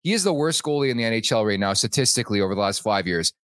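A man's voice: on the low side, expressive, very fast, fairly bright tone, no room sound. A man hosting a sports podcast in casual chat, leaning on "like" as a filler and swearing casually. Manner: loose, leans on "like", swears casually. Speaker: podcast host.

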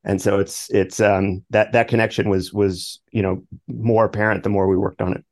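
A man's voice: on the low side, level tone, normal speed, darkish tone. A man from New York, a guest author in a podcast interview, talking hesitantly with lots of restarts. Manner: hesitant, full of 'you know' and restarts.

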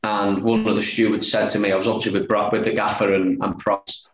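Speaking fairly quickly in a lowish voice with little pitch movement, a man who used to play football recounts a story as a guest. He's chatty and replays each exchange line by line in "he said, I said" fashion, with roomy echo and faint background noise.

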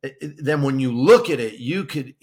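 A man's voice: mid-range voice, normal speed. A man co-hosting a podcast in casual chat, explaining at length and repeating words as he thinks. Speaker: podcast co-host.

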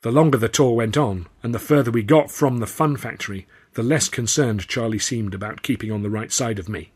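A man with an English accent narrating his own novel in the first person, wry and measured. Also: mid-range voice, a little mellow, breathy edge. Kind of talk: scripted storybook narration.

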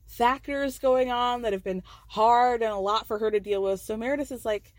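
A woman hosts a casual recap podcast, chatty and amused, peppering her story with "like." Her voice sits a bit high. The sound is close and dry. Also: normal speed, hardly any pauses, dry recording. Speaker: podcast host.

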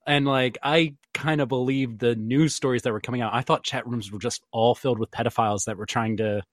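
A man's voice: medium pitch, fairly even intonation, brisk, dry recording, clean studio sound. A man guesting on a podcast who tells rambling, self-deprecating stories. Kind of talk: casual podcast chat.

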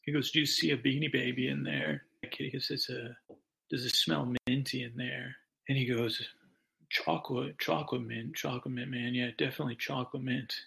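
A man's voice: mid-range voice, steady tone, moderate pace, pushed and bright. A man hosting a podcast, telling a meandering improvised bedtime story full of asides and restarts. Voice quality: gravelly.

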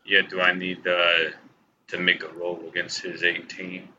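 A man playing a tabletop game as a guest, calm and methodical. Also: deep voice, measured pace, highs cut off, background noise. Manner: calm, methodical, hesitant with ums. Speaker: guest player. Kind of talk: casual chat at a tabletop game.

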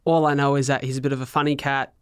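A man with an Australian accent, a guest on a podcast, telling an anecdote in a lively, animated way. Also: medium pitch, rapid-fire, clean tone, no echo, clean studio sound. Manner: animated storyteller, acts out what others said. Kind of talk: casual podcast chat.

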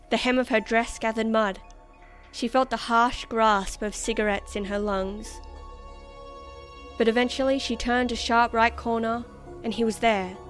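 A woman reading a story aloud as narrator in a measured, expressive way. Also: a little high. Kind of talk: scripted narration.

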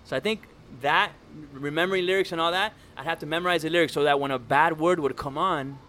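Relaxed man telling stories, casual. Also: on the high side, fast talker, slight background noise. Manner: relaxed storytelling with fillers. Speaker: podcast guest, rapper. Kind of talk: casual conversation.

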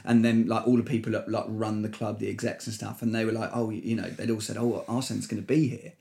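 A man, a comedian and impressionist, telling an animated anecdote in casual conversation, trailing off and restarting as he goes. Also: on the low side, quick pace, gravelly.

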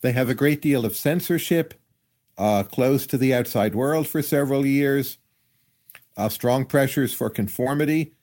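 Measured analytical man, middle pitch. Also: darkish tone. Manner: measured, analytical, hedging with hypotheses. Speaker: economist guest. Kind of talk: podcast interview answers.

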